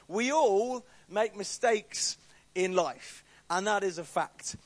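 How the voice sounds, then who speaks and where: A young Englishman gives a relaxed, chatty talk to a church group and tells a funny story about himself. His voice sits fairly high, and the sound is dry and close, with little room echo. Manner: chatty, self-deprecating, quick asides.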